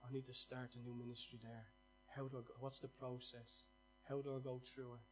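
A man preaching a sermon as pastor, impassioned, swinging from loud exhortation to hushed asides and stumbling over repeated words when fired up. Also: medium pitch, little pitch movement, brisk, husky, soft background music.

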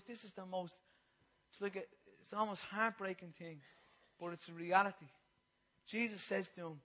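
Man, passionate preacher with a bright, ringing voice and lots of repetition. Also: high-pitched, rough recording. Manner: impassioned, repetitive, swings from loud to hushed. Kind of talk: sermon.

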